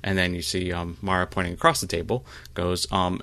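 A man narrating a tabletop role-playing game as game master, halting, with frequent fillers. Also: deep voice, little pitch movement, bright, forceful tone.

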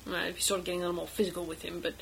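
A woman narrating a tabletop role-play and voicing its characters, moving between calm narration and loud, raised in-character lines. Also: lowish voice, very fast, vocal fry, slight background noise. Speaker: game master and player.

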